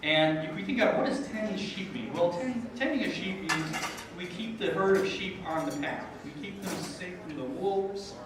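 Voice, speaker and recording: At a dinner gala, a school board member with a high voice talks at normal speed from the podium, casual and self-deprecating with plenty of ums. The large banquet hall is very echoey, the podium mic is heard from a distance, and background noise includes clattering dishes and cutlery.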